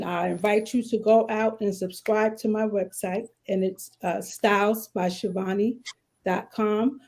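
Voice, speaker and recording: Mellow-voiced upbeat woman. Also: low-quality recording. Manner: upbeat, warmly enthusiastic pitch. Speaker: panel guest, boutique owner. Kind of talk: casual online panel chat.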